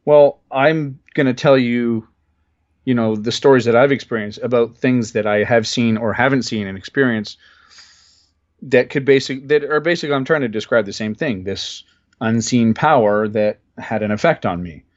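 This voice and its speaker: A man's voice: mid-range voice, normal speed, dull audio. A man from Ontario, Canada, a podcast guest in casual conversation, earnest and thoughtful, often searching for words.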